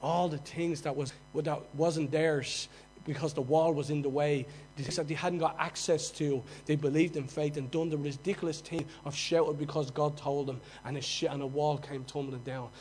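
A preacher with a Dublin accent delivers his sermon in a high voice. He drops to quiet, chatty asides, then rises into loud, mocking cries. Faint music plays under a low mains hum. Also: fairly even intonation, normal speed, hardly any pauses, low-quality recording. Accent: Dublin Irish. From Dublin, Ireland.

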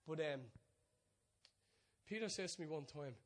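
A man preaching a sermon, telling stories with many restarts, dropping to hushed asides and rising to excited peaks. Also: a little high, unhurried. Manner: storytelling, swings from soft hushed asides to loud excited peaks.

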